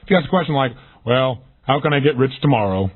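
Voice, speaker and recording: A man giving an energetic recorded self-help lesson, acting out the questions he describes in lively voices. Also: medium pitch, quick pace. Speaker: motivational speaker. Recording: tinny phone-like audio.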